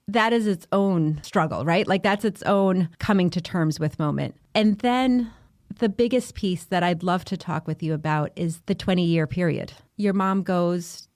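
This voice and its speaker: Woman podcast host; measured, reflective questions, dry close-miked voice. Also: fairly low pitch, expressive, dry recording. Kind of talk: interview conversation.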